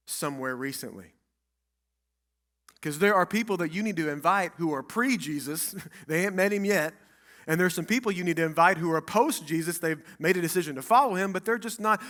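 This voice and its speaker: A man's voice: a little high, a bit bright. A man pastor delivering a dramatic, emphatic sermon in a church, building up through repeated phrases. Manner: dramatic, emphatic preaching with repetition. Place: church sanctuary.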